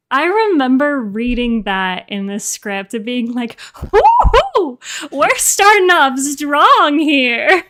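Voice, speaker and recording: Woman streamer on a desk mic, slow and kinda high, smooth voice, rambles excitedly. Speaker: streamer reacting to her audio drama. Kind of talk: casual livestream chat. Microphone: desk microphone.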